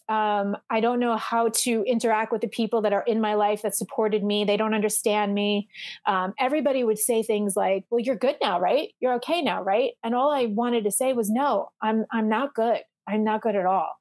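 A woman's voice: medium pitch, fairly even intonation, moderate pace, darkish tone. A middle-aged woman speaking as a podcast guest, telling her story candidly and animatedly, acting out the voices she quotes, with frequent fillers.

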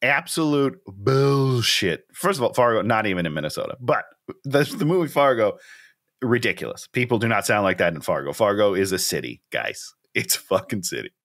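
This is an emphatic man from the Midwest, chatting as a podcast co-host. His voice leaps up and down with lively swings. His tone is bright and sharp, and he swears to drive home a point. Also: lowish voice, a little fast. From American Midwest. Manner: animated, emphatic, swears for effect. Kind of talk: casual chat.

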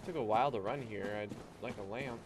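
A man doing live gameplay commentary as a streamer, excitable and swearing, yelping and talking back to enemies. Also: lowish voice, fairly quick, background noise. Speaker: gaming streamer.

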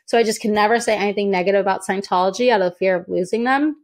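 A young woman from the United States, a guest telling her own story in a chatty, lively way and acting out quoted voices. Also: mid-range voice, very fast. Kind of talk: casual interview storytelling.

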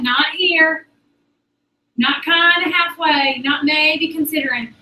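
A high, bright-voiced woman gives a motivational talk to her sales team. Her chatty, animated delivery carries through a roomy space, picked up from some distance. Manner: chatty, animated, addresses the audience as "y'all". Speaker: sales director. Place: meeting room with an audience.

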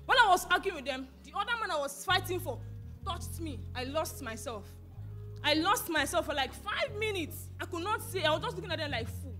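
A young Nigerian woman telling an animated personal testimony in church, slipping into Pidgin. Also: extremely high pitch, fairly quick, soft background music. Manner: animated storytelling, switches into Pidgin. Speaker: church member giving testimony.

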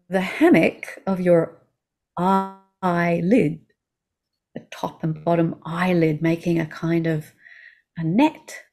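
A woman with an Australian accent guiding a slow body-awareness lesson, speaking soothingly and asking the listener gentle questions. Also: medium pitch. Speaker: movement instructor.

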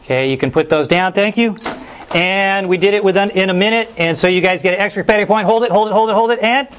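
A man with a fairly high voice runs a classroom in a brisk, upbeat way, snapping out commands and cues. Faint room noise sits behind him, as in a classroom. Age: middle-aged. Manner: energetic, brisk, playful commands. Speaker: teacher. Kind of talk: classroom instruction.

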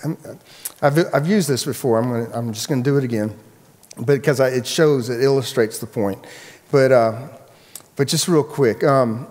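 A man, the pastor, preaching a sermon and telling a personal story in a relaxed, chatty way with frequent restarts. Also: medium pitch, normal speed, long reverb tail. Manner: casual storytelling, many restarts.

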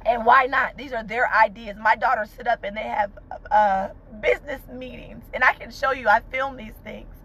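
A woman's voice: fairly high pitch, fairly even intonation, normal speed, a bit bright, rough recording. A woman vlogger and mother, crying as she talks to viewers from inside a car in a fervent, emotional way, repeating uplifting phrases. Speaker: vlogger, mother of two young entrepreneurs. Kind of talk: emotional casual talk to viewers.

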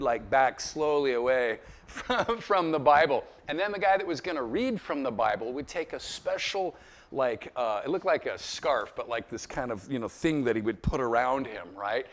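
A man in his fifties giving an informal Bible lecture to a group, conversational and full of stories and asides. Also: fairly high pitch. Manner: conversational and storytelling, with asides and chuckles. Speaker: pastor teaching a Bible lecture. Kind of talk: informal teaching talk to a group.

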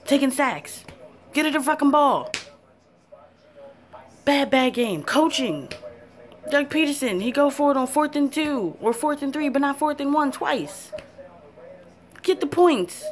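A woman's voice: high-pitched, animated, measured pace. Fired-up cursing woman football fan. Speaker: sports fan vlogger. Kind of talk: profane football rant to camera.

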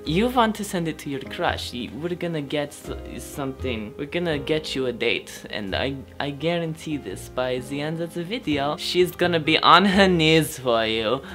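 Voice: mid-range voice, lively intonation, normal speed, few pauses, over music, close to an everyday voice. A grandly theatrical old auntie, as a comic performer puts her on, drifting in and out of a fake German-like accent. She rambles bawdily from one aside to the next in a direct-to-camera comedy sketch. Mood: grandly flirtatious. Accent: shifting put-on German-like accent. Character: flamboyant rich old aunt, woman, self-styled matchmaker. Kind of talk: comedic character monologue to camera.

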